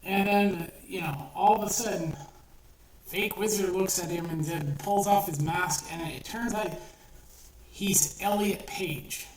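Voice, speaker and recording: An online storyteller casually retells a short story of their own, rambling and profane, with frequent fillers and restarts. The voice is medium-pitched at a measured pace, picked up by a roomy, distant mic with faint noise.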